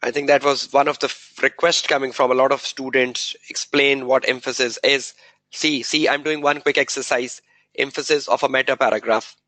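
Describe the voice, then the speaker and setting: A male lecturer runs a revision session, firing quick questions at the class and answering them himself. He repeats key terms over and over to drive them home. His voice sounds dry and close, with little room echo. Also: mid-range voice, fairly even intonation, sharp tone. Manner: drills students with repeated rhetorical questions; repeats key words and phrases for emphasis.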